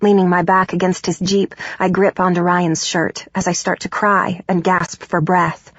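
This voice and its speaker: A woman narrating a first-person audiobook in a steady, even way. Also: lowish voice, normal speed, no room sound. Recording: dull, dry studio recording.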